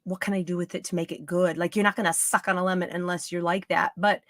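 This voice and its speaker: A woman's voice: on the low side, little pitch movement, quick pace, fairly bright tone, no room sound, clean studio sound. A middle-aged woman giving psychic readings on a live stream, chatty and playful, often drifting off topic. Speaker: psychic medium.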